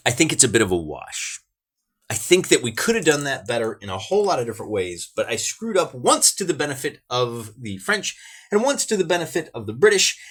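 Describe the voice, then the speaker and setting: A man's voice: mid-range voice, a bit bright, breathy edge. An American man hosting a wargaming show, chatting casually through the game with folksy asides and restarts. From United States. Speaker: wargaming channel host.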